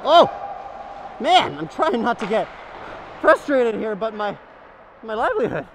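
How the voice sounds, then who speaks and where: A man's voice: high voice, very animated, a little slow, noisy background. Wisecracking man goalie, mic'd up mid-game. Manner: joking, self-deprecating banter. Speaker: hockey goalie. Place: hockey rink during a game. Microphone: helmet-mounted action camera.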